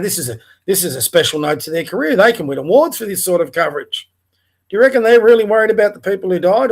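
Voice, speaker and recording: An Australian man hosting a livestream, delivering an angry, profane political rant with blunt rhetorical questions. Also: high voice. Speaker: livestream host. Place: home, in front of a TV.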